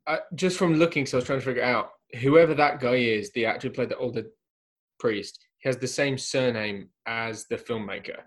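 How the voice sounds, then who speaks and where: A man's voice: mid-range voice, fairly quick. Dry, wisecracking man in casual chat.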